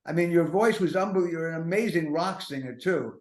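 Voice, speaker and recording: An older man with a slightly high voice spins rambling, self-deprecating comic stories, doubling back on himself in anxious asides. The room around him rings with a noticeable echo, as if recorded in a bare space. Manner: self-mocking, neurotic, rapid-fire asides. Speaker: podcast host. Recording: roomy echo.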